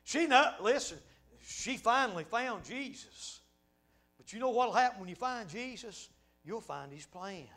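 High-voiced preacher, hushed to shouting. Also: male voice, lively intonation, unhurried. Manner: swings from hushed asides to shouted exclamations, laughing. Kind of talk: sermon.

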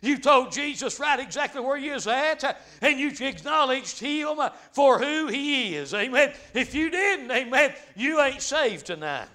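A man preaching a fervent revival sermon, dropping frequent amens and breaking into shouts. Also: very high voice, expressive, moderate pace, hardly any pauses.

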